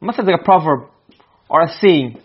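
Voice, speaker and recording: A man's voice: a little high, lively intonation, fairly quick, slight background noise. A man teaching a class on Arabic rhetoric, reading Arabic phrases and explaining them in English while often checking that the students understand. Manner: keeps checking with the class, asking "okay?" and "you understand?"; switches between Arabic text and English explanation. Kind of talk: classroom lecture. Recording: dull lo-fi classroom recording.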